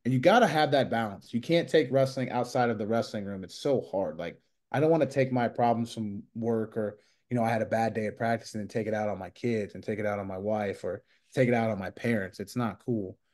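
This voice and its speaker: A man's voice: on the low side, brisk, darkish tone. A man in his thirties, a wrestler and coach, telling long rambling stories in a casual interview and acting out quoted dialogue. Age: 30s.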